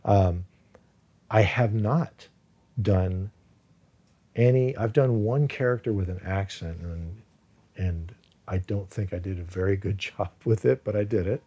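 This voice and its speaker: Brief: actor as interview guest, husky low voice, rambling and casual. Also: male voice, measured pace, long pauses, dark tone, lo-fi sound. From United States. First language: Farsi. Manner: rambling, many restarts and fillers.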